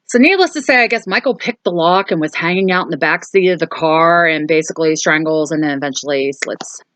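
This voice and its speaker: Woman host, low pitch, dry close mic, chatty rambling recap. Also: fairly quick, fairly bright tone, no room sound. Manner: rambling, lots of um and so. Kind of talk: casual movie recap.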